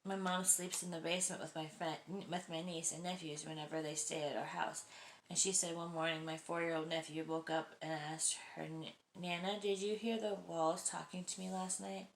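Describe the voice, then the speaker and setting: A woman's voice: fairly low pitch, flat delivery, moderate pace. A woman hosting a channel, reading out listeners' creepy stories in a casual way and reacting with laughs and asides. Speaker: host reading submitted stories. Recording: echoey room, faint noise.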